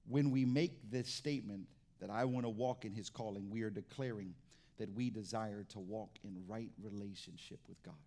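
A man's voice: fairly low pitch, steady tone, moderate pace, warm tone. A middle-aged pastor preaching a sermon in a conversational way, often restarting his sentences.

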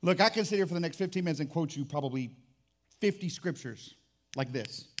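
Animated pastor preaching a sermon. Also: male voice, on the high side, a little fast. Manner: animated, jokey, shifts from loud excitement to quiet emphasis. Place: church sanctuary.

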